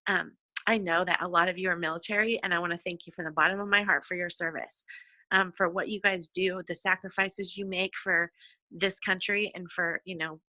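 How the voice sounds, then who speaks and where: A woman's voice: fairly low pitch, pushed and bright, no room sound. A woman leading a sales team, giving an effusive, encouraging motivational talk on a conference call with many fillers. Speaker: direct sales team leader.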